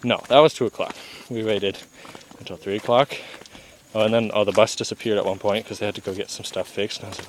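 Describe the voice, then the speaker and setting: A man's voice: lowish voice, steady tone, fast, a little hiss or hum. A young man, a travel vlogger, telling a story in a casual, laid-back way, full of "like" and acted-out quotes.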